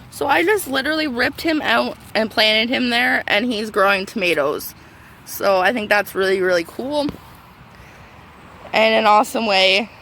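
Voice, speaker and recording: A woman giving a casual tour of her vegetable garden, chatty and excitable, talking to her plants, her voice turning squeaky at times. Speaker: gardening vlogger. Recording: faint outdoor background noise.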